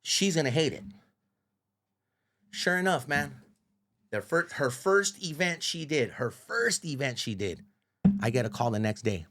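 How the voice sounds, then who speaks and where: A middle-aged man, a radio host, telling stories as a guest in a casual, profane, animated way, often saying "bro.". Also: mid-range voice, unhurried, long pauses. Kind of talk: casual storytelling.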